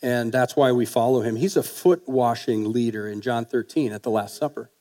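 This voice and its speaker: Male preacher, folksy, chatty sermon delivery, asks the room questions, average pitch. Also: moderate pace, mellow. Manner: folksy, conversational, with fillers and rhetorical questions.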